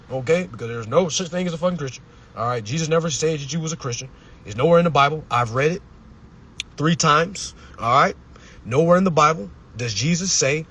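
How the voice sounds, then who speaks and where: A man's voice: a little high, a bit bright, slightly rough. A young man hosting a live stream, ranting in a confrontational, preachy and profane way from inside a vehicle.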